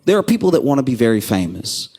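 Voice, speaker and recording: Male stand-up comic, very lively pitch, punchy storytelling, jumps up to voice the people in his bits. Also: quick pace, slightly rough. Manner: animated storytelling, acts out quoted people with sudden pitch jumps. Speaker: stand-up comedian. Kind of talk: stand-up comedy set.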